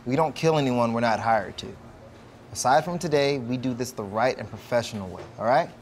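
A man playing a cold, professional male hitman who talks in clipped, flat, dismissive lines. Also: medium pitch, fairly quick, slight background noise, lightly acted. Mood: firm, dismissive. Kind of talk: web series drama acting.

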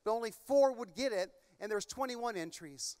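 A man's voice: very high-pitched, a little fast, smooth. A man preaching a sermon as a pastor, moving between fervent, emphatic exhortation and rambling, casual storytelling. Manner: impassioned, emphatic preaching with loud bursts; relaxed rambling storytelling with fillers. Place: large church.

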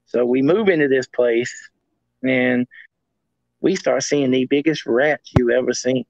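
Rambling casually through his stories and repeating himself often, a male guest speaks a little slowly at medium pitch. The recording is dry, with dull lo-fi audio.

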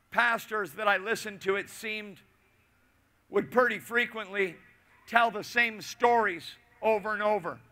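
Middle-aged man, pastor, high bright voice, storytelling sermon with repeated lines. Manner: storytelling with asides and repetition, swinging from loud to hushed.

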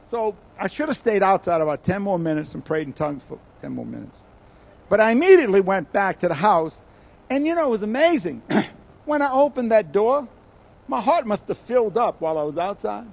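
An older man preaching a sermon as a guest speaker, telling stories with animated bursts and quiet asides. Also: high-pitched, a little fast, gravelly. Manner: animated storytelling, acts out quoted voices with sudden loud bursts and quiet asides.

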